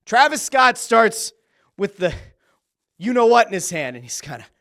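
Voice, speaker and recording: Excitable high-voiced male podcast host. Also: normal speed. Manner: excitable, acts out reactions with quoted exclamations; uses profanity freely. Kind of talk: casual podcast commentary.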